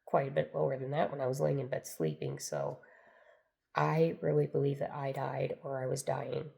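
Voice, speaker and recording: Older woman, deep gravelly voice. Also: lively intonation, moderate pace, dark tone. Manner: earnest, meandering, repeats herself. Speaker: spiritual storyteller. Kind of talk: personal storytelling to camera.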